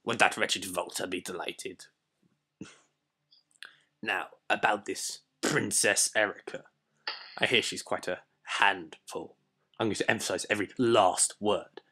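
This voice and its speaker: A man voicing a haughty, scornful old sorcerer in a video game, speaking in a slow, pompous and disdainful way. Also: on the low side, fairly even intonation, pushed and bright, breathy edge, full character voice. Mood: scheming. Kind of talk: amateur voice acting over a video game.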